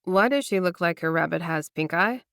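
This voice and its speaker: Woman doing a grumpy sharp-tongued girlfriend, brusque, gravelly. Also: on the low side, animated, normal speed, no room sound, clean studio sound.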